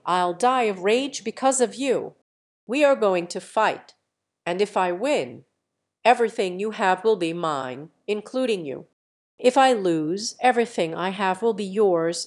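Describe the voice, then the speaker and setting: A woman's voice: medium pitch, close to an everyday voice. A woman reading as a furious proud princess. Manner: sharp, demanding, indignant. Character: hot-tempered proud young princess.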